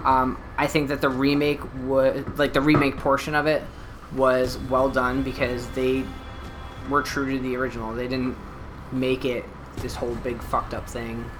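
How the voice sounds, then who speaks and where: A man's voice: medium pitch, normal speed, over music. A man co-hosting a casual podcast, talking through a horror movie review with swearing and plenty of fillers. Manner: animated, swearing, many fillers. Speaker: podcast co-host.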